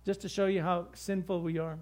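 A middle-aged man with a high voice preaches a sermon. He tells stories in a lively, conversational way from the pulpit. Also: fairly quick. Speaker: pastor.

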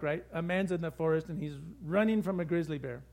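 A middle-aged male pastor preaching a sermon with lively, conversational storytelling. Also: fairly high pitch, a little fast.

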